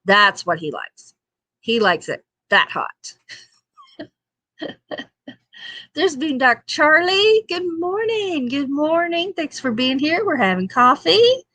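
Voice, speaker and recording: Woman host, easygoing morning chat, unhurried delivery, slightly high voice, laughs a lot. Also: big pitch swings, sharp tone, no room sound. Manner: chatty and homey, laughs often, many fillers. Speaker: livestream talk show host. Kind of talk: casual chat reading viewer comments.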